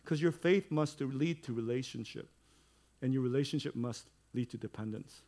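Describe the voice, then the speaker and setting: A man's voice: medium pitch, moderate pace. Conversational male pastor preaching. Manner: conversational preaching that builds to loud emphatic stretches. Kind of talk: sermon.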